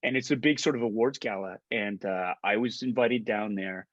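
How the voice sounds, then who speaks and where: A man in his forties, an actor, telling an anecdote in excitable, casual talk with many restarts, heard through a dull lo-fi stream. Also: lowish voice, normal speed, no echo. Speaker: actor guest on a panel.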